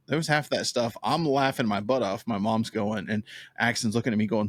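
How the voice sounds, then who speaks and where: A man in his thirties with a fairly low voice hosts a casual podcast chat. He tells stories in an easygoing, talkative way and laughs along. The sound is dry and close, with no room echo. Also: a little fast. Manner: chatty, storytelling, laughs often. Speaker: podcast host.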